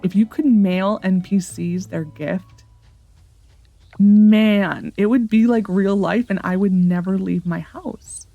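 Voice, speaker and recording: A woman's voice: mid-range voice, slow, vocal fry, narrow, tinny audio, soft background music. Chatty woman narrating her gameplay. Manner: chatty, thinking aloud while playing. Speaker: gaming channel host. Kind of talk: casual let's-play commentary.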